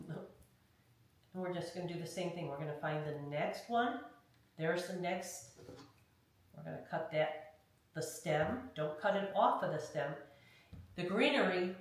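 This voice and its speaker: A woman leading a hands-on craft tutorial, talking through each step in a chatty way and often checking in with "okay?". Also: lowish voice. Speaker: craft instructor. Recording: very echoey room, mic far off, faint noise.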